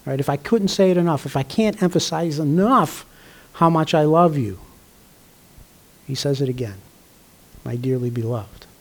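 An older male pastor preaching in a loose, conversational way, often pausing to clear his throat. His voice sits a little high for a man, and he leans on easy fillers as he talks to his congregation. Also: expressive. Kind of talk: sermon.

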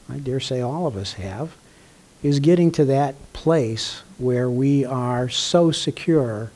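An older man, a pastor, delivering a conversational sermon with frequent throat clearing and fillers. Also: a little high, darkish tone.

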